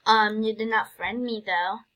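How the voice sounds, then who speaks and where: A woman's voice: mid-range voice, fairly even intonation, normal speed, a bit bright. A woman giving casual gameplay commentary, giddy and gushing, with lots of fillers and exclamations. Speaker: gameplay video creator.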